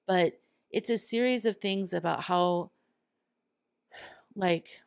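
A woman's voice: low voice, vocal fry, no echo, studio quality. A woman hosting her own podcast, talking earnestly and candidly, sometimes acting out quoted thoughts. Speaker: podcast host. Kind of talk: solo podcast monologue.

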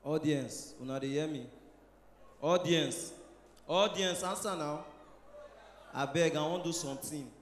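A man with a Nigerian Pidgin accent doing a loud, animated stand-up set, mixing Pidgin and English. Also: on the high side, measured pace, pauses often. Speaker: stand-up comedian. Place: church hall stage. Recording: echoey hall with long reverb.

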